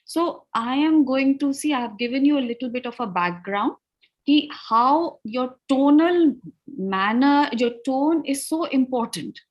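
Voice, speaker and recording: A woman's voice: high-pitched, animated, a little slow, dull audio. A woman with an Indian English accent teaches spoken English over a video call, mixing in Hindi and coaching her students. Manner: mixes Hindi into English, asks students to try. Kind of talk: online class, coaching students.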